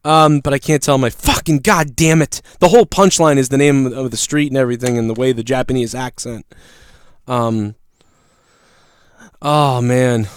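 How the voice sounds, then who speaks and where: A man hosting a casual livestream, telling stories in a profane, animated way. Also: mid-range voice, moderate pace, clear, resonant tone, no room sound. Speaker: livestream show host. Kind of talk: casual ranting livestream chat.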